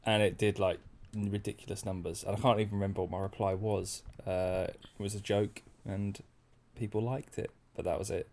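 A man's voice: fairly low pitch, little pitch movement, moderate pace, gravelly, hardly any pauses, a little mellow, a little hiss or hum. A man in casual chat, hesitant and self-deprecating, often laughing.

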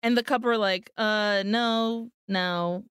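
A woman's voice: medium pitch, steady tone, slow, fairly bright tone, clean tone, no echo, clean studio sound. A woman co-hosting a podcast, animatedly retelling a film's plot and acting out the characters' lines. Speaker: podcast co-host. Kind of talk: casual film recap chat.

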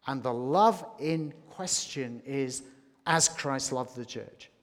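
Slow, deliberate male preacher in a hall. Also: medium pitch. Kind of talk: sermon. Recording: long hall reverb.

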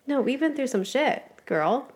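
A woman's voice: high voice, lively intonation, unhurried, a little mellow. A woman speaking as a guest on a podcast interview, talking in a blunt, frank way and swearing freely.

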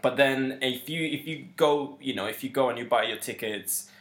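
A man's voice: mid-range voice, normal speed, a bit bright. A man co-hosting a podcast, chatting casually with frequent ums and restarts. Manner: chatty, organized, hesitant with many ums. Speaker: podcast co-host. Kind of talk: casual chat. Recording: roomy echo.

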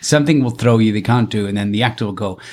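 A man with a Welsh accent, an actor who directs, chatting casually in an interview and mocking himself as he acts out quotes in high voices. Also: fast, a little mellow.

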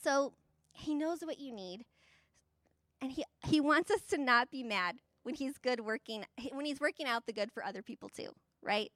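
A woman with a high voice teaches a Bible passage in a relaxed, conversational way. She talks chattily, with fillers and tag questions, and laughs lightly as she explains. Her voice sounds close and dry. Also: normal speed, dry recording. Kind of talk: casual Bible lesson.

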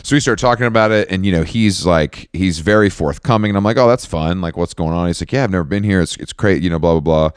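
Low-voiced man telling a rambling story. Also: clean tone, no room sound, clean studio sound. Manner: rambling storyteller, quick laughs, acts out quotes. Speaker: podcast co-host. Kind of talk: casual storytelling chat.

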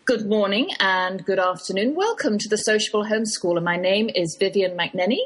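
An older woman with an English accent, hosting a radio show in a chatty, playful scripted monologue. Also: fairly quick. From England. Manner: chatty, playful, lively pitch swings.

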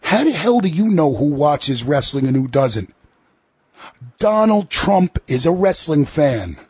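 A man with a husky, slightly rough voice hosts a podcast in a heated, profane rant. His delivery swings between sarcasm and outrage, and the sound is dry and close to the mic with no room around it. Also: on the high side, big pitch swings, unhurried, a little mellow, dry recording. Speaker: podcast host. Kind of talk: ranting podcast commentary.

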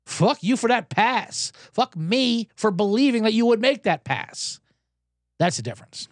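A man's voice: high-pitched, expressive, a little slow, no room sound, studio quality. A man hosting a comedy sports podcast, ranting sarcastically with lots of swearing and frequent restarts. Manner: ranting, sarcastic, profane, self-interrupting. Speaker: podcast host.

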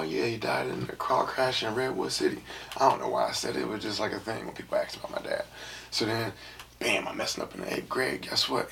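Young sf guy rambling thru a story, gravelly low voice, lots of "you know what i'm saying", faint hiss behind. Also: sharp tone. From San Francisco, USA. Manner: loose, rambling, heavy filler phrases, drops into half-whispered asides. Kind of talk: casual storytelling monologue.

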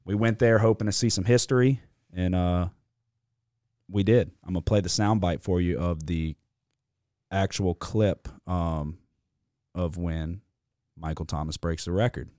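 A man's voice: low-pitched, fairly even intonation, measured pace, long pauses, warm tone, no room sound, clean studio sound. A young man hosting a casual sports podcast, telling stories bluntly and cursing freely. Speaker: podcast host.

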